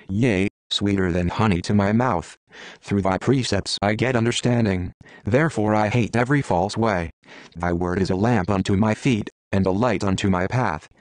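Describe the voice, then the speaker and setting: Deep guy reading scripture slow and solemn, dry no-room sound. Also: no room sound. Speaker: scripture reader. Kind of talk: steady scripted Bible reading.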